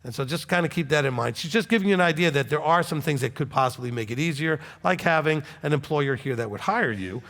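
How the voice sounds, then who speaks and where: A man's voice: a little high, expressive, quick pace, few pauses, a bit bright. A man, a rabbi, chatting animatedly while answering congregation questions, with many okays. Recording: long hall reverb.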